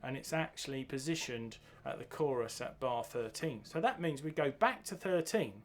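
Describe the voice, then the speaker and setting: A man teaching a bass guitar piece, counting beats and singing the rhythms aloud as he goes. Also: expressive, moderate pace. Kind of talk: music lesson walkthrough. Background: bass guitar playing.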